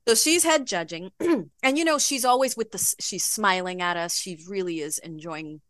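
A woman guest on a podcast, telling an animated story with frequent laughter in a casual chat. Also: medium pitch, normal speed, dry recording. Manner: giggly, animated, laughs often. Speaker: podcast guest, bodybuilding pro.

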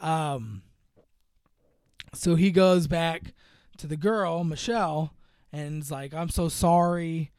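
High-voiced man rambling through a movie plot. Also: expressive, slow pace, long pauses, darkish tone, clear, resonant tone, no room sound, clean studio sound. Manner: rambling storytelling with many fillers, acting out characters' lines. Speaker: podcast co-host recapping a movie. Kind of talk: casual chat.

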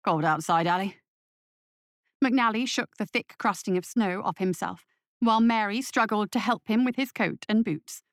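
A woman narrating an audio story in a steady, measured way. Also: a little high, dry recording, studio quality.

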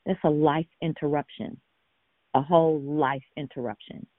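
A woman's voice: low-pitched, steady tone, moderate pace, no room sound. Earnest woman preaching over a phone line. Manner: earnest, direct, with frequent restarts and rhetorical questions. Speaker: minister leading a prayer call. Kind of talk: conversational sermon on a call. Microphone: phone or conference call.

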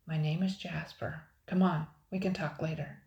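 A woman's voice: low-pitched, fairly even intonation, moderate pace, creaky, darkish tone, muffled recording. A woman reading a storybook aloud, voicing a sensible young boy who urges the others along. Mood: calm urging. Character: earnest, sensible young boy, leader of the kids. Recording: roomy echo.

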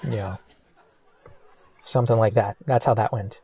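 A man's voice: lowish voice, fairly even intonation, measured pace, mellow, some chatter behind. A man hosting a comedy show, delivering a loose comic news monologue with chuckles and crude asides.

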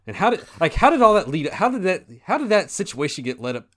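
A man's voice: high-pitched, very animated, quick pace, fairly bright tone. A man co-hosting a podcast, recapping a film and asking questions in loose, filler-heavy casual chat. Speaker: podcast co-host. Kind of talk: casual movie discussion.

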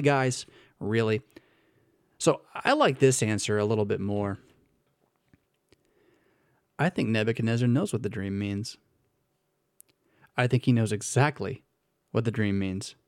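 A man's voice: medium pitch, no echo, studio quality. A man giving a conversational Bible teaching who reads passages dramatically and often checks in with "right?". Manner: animated, asks "right?" often, repeats words as he thinks.

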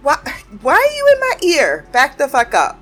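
A woman's voice: on the high side, moderate pace, fairly bright tone, close to an everyday voice. A woman quoting an irritated teenage cartoon girl in a snappish, exasperated tone. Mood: annoyed.

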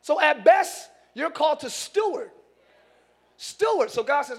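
High-voiced pastor preaching with shouted bursts. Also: male voice. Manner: animated, shouting bursts and quick asides. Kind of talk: sermon. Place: church.

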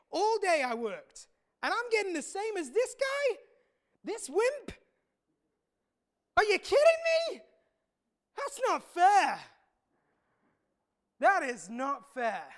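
A woman voicing an indignant male day laborer who shouts his complaints in disbelief. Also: very high voice, voice pushed up, exaggerated voice.

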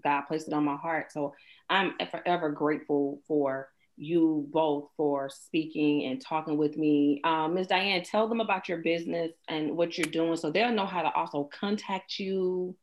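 A woman hosting a faith-based podcast in a lively, casual way. Her voice sits somewhat low for a woman. She repeats words as she talks. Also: normal speed, lo-fi sound. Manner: animated, acts out her young daughter in a high voice. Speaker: podcast host.

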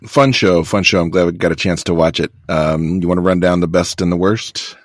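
A man co-hosting a podcast, chatting casually about a wrestling show in a relaxed, wry way, with some casual swearing. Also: low-pitched, brisk, no room sound, clean studio sound. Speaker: podcast co-host. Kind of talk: casual wrestling recap chat.

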